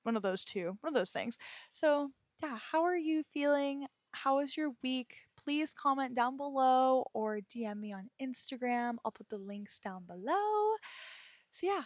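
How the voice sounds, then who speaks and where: A woman hosts her solo podcast in a gentle, reassuring way, sounding tired and emotionally weighed down. Her voice sits a bit high, and she often stumbles over words and laughs at herself. The recording is close and dry, with no room sound. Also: lively intonation, measured pace, no echo. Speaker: podcast host. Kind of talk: casual solo podcast talk.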